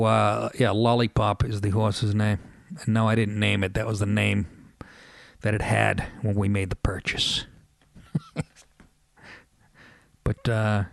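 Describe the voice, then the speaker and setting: A man's voice: fairly low pitch, vocal fry, no room sound, studio quality. A middle-aged man hosting a radio show, telling stories in a casual, profane, self-mocking comedic monologue.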